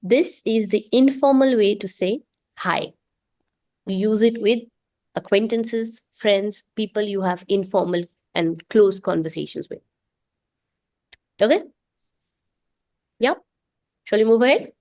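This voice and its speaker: A woman's voice: medium pitch, a little mellow. Patient woman teaching French online. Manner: patient, repeats words slowly for students to echo. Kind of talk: online language lesson.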